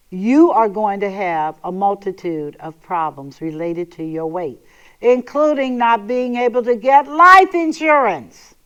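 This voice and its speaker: A woman's voice: mid-range voice, clear, resonant tone, dull audio. A woman hosting a talk show, speaking in an emphatic, sassy and sometimes sarcastic monologue. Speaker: host.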